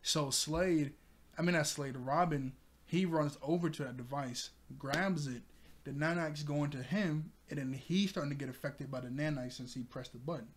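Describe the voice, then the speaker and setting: Guy with a kinda high voice reviewing a cartoon ep, laughs a lot, gets loud and hyped. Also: moderate pace. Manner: excitable, laughs often, exclaims loudly. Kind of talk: casual recap commentary.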